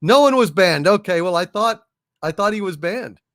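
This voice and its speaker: A man's voice: high voice, expressive, moderate pace, dry recording, studio quality. A man hosting a casual livestream, chatting and thanking viewers for their messages. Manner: chatty and appreciative, thanks viewers warmly and often. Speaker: livestream host.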